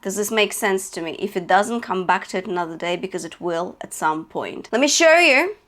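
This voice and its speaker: A woman's voice: mid-range voice, lively intonation, brisk, fairly bright tone. Woman, vocal coach, singing lesson, encouraging, frequent check-ins. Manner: encouraging, checks in with "okay?" and "yeah?"; demonstrates sung notes between spoken instructions.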